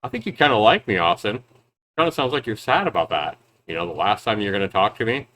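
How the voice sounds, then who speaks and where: A man's voice: on the low side, animated, quick pace, a bit bright, slight background noise. A man who reviews and makes games, talking back at a rival's clips in a sarcastic, mocking way. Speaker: YouTube game reviewer and developer. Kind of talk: reaction commentary.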